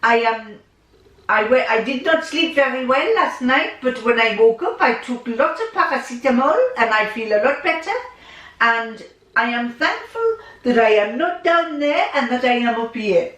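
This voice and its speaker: A woman puts on an elderly French-accented father who speaks in slow, measured, earnest sentences, voiced higher and louder than her own voice. The sound is roomy and echoey, heard from some distance off the mic. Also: expressive. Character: elderly French father, achy but grateful.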